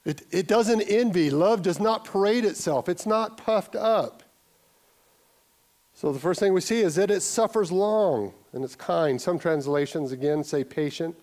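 A pastor's high-pitched, slightly mellow voice carries through a church sanctuary at a measured pace. His sermon is conversational and built around an anecdote, with many restarts and repeated words.

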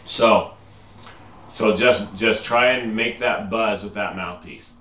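A man's voice: on the low side, takes it slowly, fairly bright tone. A male band teacher giving a patient step-by-step trumpet lesson, checking in with "okay?" after each step. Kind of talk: instructional video lesson. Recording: roomy echo, distant mic, faint noise.

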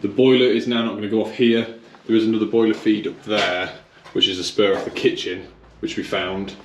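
An electrician working in a garage being converted into a kitchen chats casually with viewers, thinking aloud as he explains what he's doing. His voice is on the low side, level, and fairly quick. The audio is dull, in an echoey room with faint noise.

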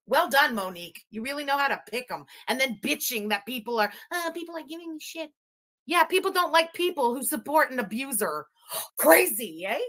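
A woman's voice: sits high, lively intonation, a little fast, fairly bright tone. A woman doing profane, mocking reaction commentary, ranting at the clips she plays. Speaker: commentary streamer.

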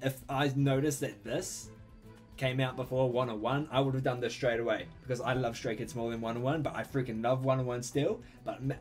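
A young man hosting a reaction video, gushing and swearing freely as he reacts with excitement. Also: medium pitch, brisk, soft background music.

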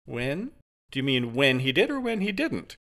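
A man's voice: medium pitch, big pitch swings, moderate pace, bright, forceful tone, voice pushed up. A man voicing a sarcastic, composed young woman in an audiobook.

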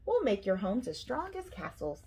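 A woman voicing a kind, gentle male badger in a picture book, speaking in a calm, reassuring way. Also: mid-range voice, moderate pace, breathy edge, heavily acted.

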